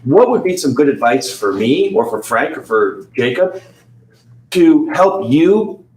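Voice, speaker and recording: A man's voice: mid-range voice, big pitch swings, a little slow, darkish tone. Man leading a sales team meeting, echoey. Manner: leads the talk, asks open questions. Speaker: sales supervisor and coach.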